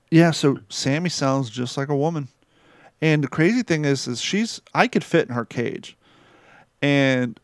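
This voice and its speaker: A man's voice: a little high, no echo, clean studio sound. A man in a casual chat who rambles through his stories and swears freely.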